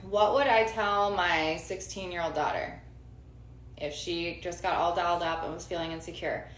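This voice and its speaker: A woman's voice: fairly low pitch, moderate pace, a bit bright. A woman in her forties giving casual self-help advice, emphatic, repeating key phrases and checking for agreement. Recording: roomy sound with faint noise.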